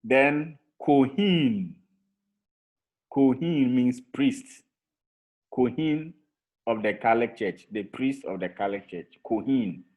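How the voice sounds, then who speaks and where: A man teaching a Hebrew vocabulary lesson to a class over a video call, patiently repeating each word for drilling. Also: mid-range voice. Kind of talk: online language lesson. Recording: tinny phone-like call audio.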